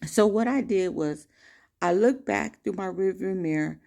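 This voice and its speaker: Gravelly-voiced woman telling a story. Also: mid-range voice, measured pace. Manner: emphatic, animated retelling. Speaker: vlogger. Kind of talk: casual storytelling to camera.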